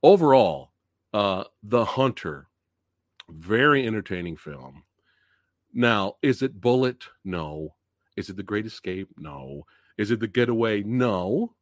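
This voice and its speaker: On the low side and slow-paced, a man hosts a live movie review stream in a dry, clean studio recording. His manner is excitable and full of laughter; he chats in loose slang, reads viewers' chat messages out, and says hello to them.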